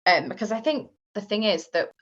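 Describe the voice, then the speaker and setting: A woman speaks as a podcast guest in a relaxed, rambling way, dotting her thoughts with "like" and "um". Her voice sits in a middle register. The recording sounds a bit dull and muffled. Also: mid-range voice, fairly quick. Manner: chatty, leans on fillers like "like" and "um". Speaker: guest author. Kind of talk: casual podcast interview.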